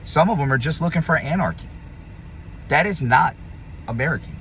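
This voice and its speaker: A man delivering a heated, blunt opinion rant to camera, profane and combative, swinging between loud emphasis and low muttering. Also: lively intonation, normal speed, slight background noise. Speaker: vlogger.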